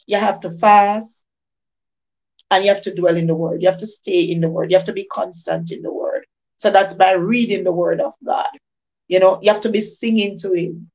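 A woman's voice: mid-range voice, steady tone, normal speed, darkish tone. A woman gives an informal devotional testimony, repeating phrases in an emphatic preaching cadence. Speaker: devotional speaker. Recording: dull lo-fi recording.

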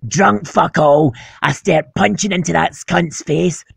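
A man's voice: fairly high pitch, a little slow, a bit bright, dry recording, studio quality, heavily acted. A man with a Scottish accent voicing a foul-mouthed female animal who rants crude gossip about her sister. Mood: ranting. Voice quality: gravelly.

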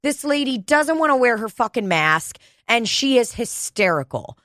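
A woman's voice: a little high, big pitch swings, moderate pace, a bit bright, no echo, clean studio sound. A woman co-hosting a podcast, telling a story in casual, profane chat. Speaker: podcast co-host. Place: podcast studio.

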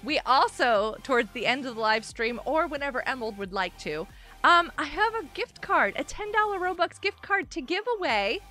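A woman live-streaming a game, chatting excitably with viewers, greeting them by name and often laughing and gasping. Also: very high-pitched. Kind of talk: live-stream gameplay chat.

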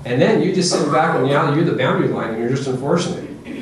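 A man giving a lively, joking parenting talk to an audience, often checking in with "okay?" and "right?". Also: medium pitch, fast, hardly any pauses, distant mic, slight background noise. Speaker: presenter to parents. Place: presentation room with audience. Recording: echoey room, voice from afar.

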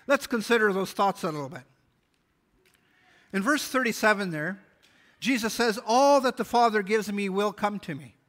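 A man's voice: sits high, animated, normal speed, long pauses, fairly bright tone. A man pastor preaching a sermon, reading scripture aloud and explaining it earnestly. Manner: earnest Bible exposition, reading scripture aloud with small restarts.

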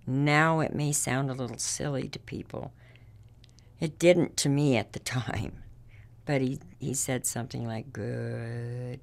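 A man speaking hesitantly and softly as he recalls taking a phone call. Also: medium pitch, gravelly. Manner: hesitant, halting, soft. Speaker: witness who took the call. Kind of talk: recalled interview testimony.

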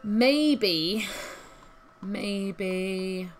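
Her mid-range voice draws words out, and there's a little hiss or hum on the recording. This gaming YouTuber chats and giggles through casual let's-play commentary of her life-simulation game, thinking aloud over faint game music.

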